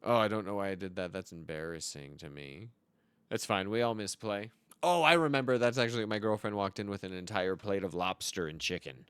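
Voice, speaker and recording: A young man with a bright, sharp voice talks over a card game match, slipping into deadpan made-up stories. His tone is crisp and clean, and the sound is dry and close, with no room around it. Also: fairly low pitch, brisk, dry recording. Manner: deadpan absurd tall tales. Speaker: card game content creator. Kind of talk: joking commentary over gameplay.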